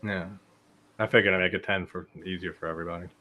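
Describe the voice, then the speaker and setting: A man's voice: low voice, fairly even intonation, fast, pushed and bright. A man hosting a live watch-party stream, chatting casually, laughing often and swearing now and then.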